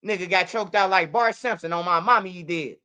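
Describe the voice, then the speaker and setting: Woman, channel host, livestream commentary, profane, repetitive, bright tone. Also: on the low side, brisk, clean tone. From Chicago. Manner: profane, repetitive, animated storytelling.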